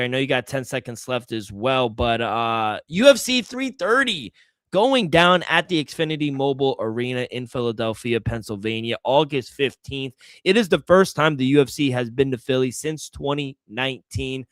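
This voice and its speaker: A man's voice: mid-range voice, lively intonation, normal speed, fairly bright tone, no echo, studio quality. A man co-hosting a podcast, talking fight odds casually and reading a sponsor spot. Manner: laid-back, reads ad spots. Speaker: podcast co-host. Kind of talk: casual sports betting chat.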